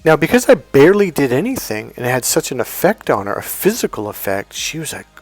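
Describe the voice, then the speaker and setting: A middle-aged man tells stories in a fired-up, then hushed way, swearing as he goes. His voice sits fairly high and moves around a lot. The sound is dry and close, with faint music underneath. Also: very animated, fairly quick. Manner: swings from fired-up to low and hushed, swears freely. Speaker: motivational speaker. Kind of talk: storytelling monologue.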